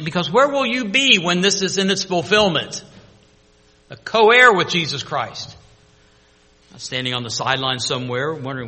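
A man preaching a sermon to his congregation, swinging between loud proclamation and hushed, intimate storytelling. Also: fairly high pitch, animated, moderate pace, slightly rough, big-room sound. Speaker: pastor.

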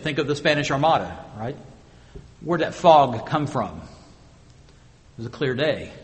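A man preaching a sermon with emphatic rhetorical questions, moving between loud stressed phrases and quiet asides. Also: on the high side, big-room sound. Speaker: pastor.

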